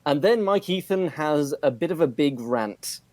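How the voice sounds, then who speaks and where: Male podcast co-host, somewhat high voice, dry close mic, halting recap reader. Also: no room sound. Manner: halting, lots of "uh", reads quotes flatly. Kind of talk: casual chat, reading out dialogue.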